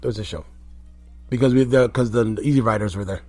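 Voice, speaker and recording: A man, a former wrestler, telling rambling, animated stories in a casual interview. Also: medium pitch, a little fast, no room sound, faint music behind. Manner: rambling, animated anecdotes with quoted voices.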